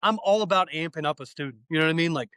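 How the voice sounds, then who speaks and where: Man, high voice, excitable, profane, podcast guest, dry close mic. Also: racing, clear, resonant tone, dry recording. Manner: excitable, profane, acts out little dialogues. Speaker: guest, fire training instructor. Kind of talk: casual podcast chat.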